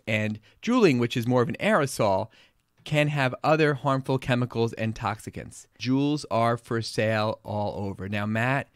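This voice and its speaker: A man's voice: medium pitch, dry recording. Long island guy co-hosting a pediatrics show, blunt opinions, dry close sound. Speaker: podcast co-host, pediatrician. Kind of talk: casual health talk.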